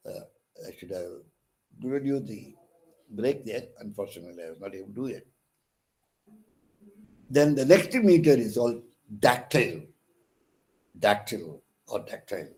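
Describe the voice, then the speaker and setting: A man's voice: medium pitch, animated, a little slow, long pauses, darkish tone. A man with an Indian English accent giving an online lecture on poetic meter, hesitant with many fillers and restarts, stressing syllables when he reads examples. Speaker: counsellor teaching English literature.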